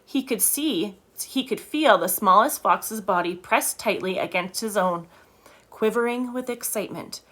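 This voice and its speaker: A woman reading a children's book aloud, expressive, stopping to correct her own slips. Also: medium pitch, a little slow. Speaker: reader.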